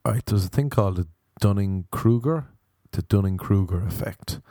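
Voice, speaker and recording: A man's voice: on the low side, normal speed, dark tone, dry recording, clean studio sound. An Irish man hosting a podcast, telling rambling, self-deprecating stories in a casual, comedic way. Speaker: podcast host.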